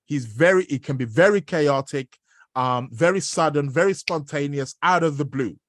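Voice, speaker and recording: A man's voice: on the high side, normal speed, dry recording, clean studio sound. A man hosting an astrology podcast, talking casually and rambling, with many fillers and restarts. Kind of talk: casual spoken commentary.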